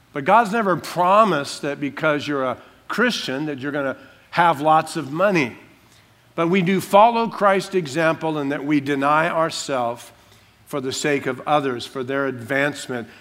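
A man preaching an expository sermon as pastor, emphatic, slowing down to stress key words. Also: fairly high pitch, a bit bright.

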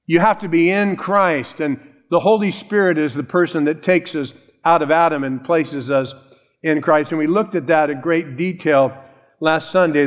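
A man preaching a sermon, measured and emphatic, stretching out key phrases slowly. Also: on the high side. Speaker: pastor.

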